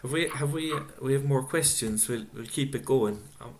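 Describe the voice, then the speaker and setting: Male moderator, middle-aged, unhurried and reflective, light dry humor, video-call sound. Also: medium pitch, a little hiss or hum. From Ireland. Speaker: author interviewer reading audience questions. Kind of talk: casual book-event conversation.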